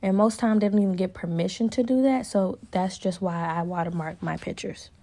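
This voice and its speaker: A woman's voice: medium pitch, fairly even intonation, fairly quick, dark tone. Chatty woman in an echoey room. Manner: chatty and upbeat, uses Southern US slang. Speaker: beauty vlogger. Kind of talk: casual chat with devotional talk. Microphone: ring light setup at home.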